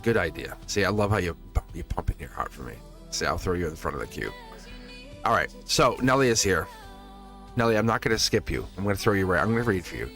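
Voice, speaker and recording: A man's voice: fairly low pitch, a bit bright. A man hosting a live tarot stream in casual, rambling chat, chuckling between sentences. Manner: slips into playful put-on voices when quoting people.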